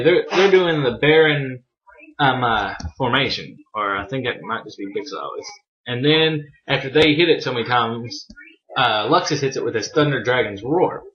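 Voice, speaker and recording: A young man casually reviewing a manga chapter, excitable and profane, laughing often, on a dull lo-fi recording. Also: medium pitch.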